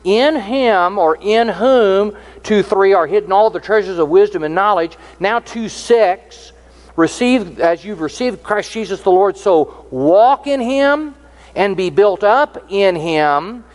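A man delivers a sermon in an earnest, teaching manner, walking through scripture verse by verse. His voice sits fairly high for a man. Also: animated, takes it slowly. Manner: earnest, explanatory, reads scripture aloud. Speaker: preacher.

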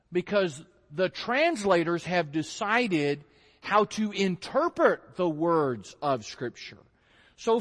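High-voiced preacher in a reverberant hall. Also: male voice, a bit bright. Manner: conversational, rhetorical questions, acts out listeners. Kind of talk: sermon.

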